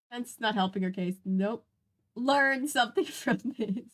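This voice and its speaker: A woman's voice: a little high, takes it slowly. A young woman reading a novel aloud, breaking in with sassy, laughing commentary. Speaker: channel host reading a book aloud.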